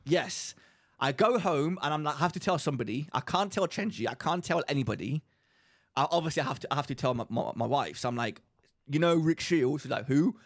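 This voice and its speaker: A man's voice: mid-range voice, fast. A young man co-hosting a podcast, telling a story in casual chat and acting out the voices of the people he quotes. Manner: animated storyteller who acts out quotes. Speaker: podcast co-host.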